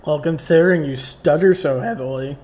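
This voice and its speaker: A man's voice: a little high, fairly quick, darkish tone. A man playing a tabletop game who makes dry, teasing jokes in character. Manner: dry, joking. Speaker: player.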